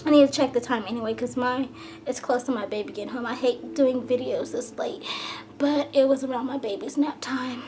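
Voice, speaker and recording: A young woman talking fast and a little out of breath, chatting casually to her camera, full of "like" and "you know.". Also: high voice, warm tone, a little hiss or hum. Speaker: vlogger.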